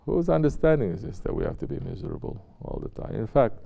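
A man's voice: medium pitch, huge pitch swings, fast talker, creaky, lo-fi sound. A man giving a spiritual sermon as a Sufi sheikh, talking conversationally and asking his listeners rhetorical questions. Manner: conversational, asks rhetorical questions and acts out quotes.

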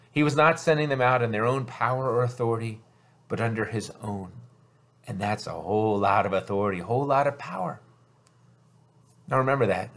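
A man, a pastor, preaching a sermon in an earnest teaching manner and asking his listeners rhetorical questions. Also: medium pitch.

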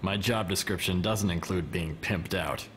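A man's voice: low voice, moderate pace, fairly bright tone, slight background noise. An actor playing a wary male assistant in a game, dry and reluctant.

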